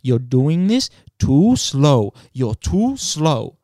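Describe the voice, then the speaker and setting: Brief: man imitating a pushy male boss, clipped orders, raised pitch. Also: very animated, extremely slow, mellow, no echo, clean studio sound, heavily acted. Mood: demanding. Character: curt demanding male work manager.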